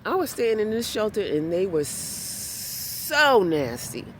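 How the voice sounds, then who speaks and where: A woman's voice: medium pitch, sing-song, slow, a little hiss or hum. A woman doing an indignant, articulate young woman. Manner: indignant, incredulous.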